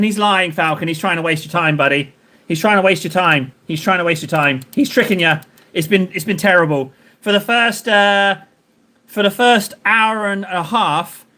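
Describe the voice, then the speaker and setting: A man's voice: high-pitched, normal speed, pushed and bright. A man streaming while he paints miniatures, chatting and joking with his viewers in a rambling way. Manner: joking, rambling banter with chat.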